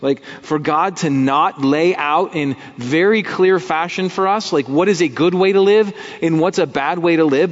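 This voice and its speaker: A man's voice: fairly high pitch, moderate pace, hardly any pauses. Guy preaching a sermon, slightly raised voice, muffled dull sound, echoey church hall. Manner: conversational preaching with vivid imagery and acted quotes. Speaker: pastor.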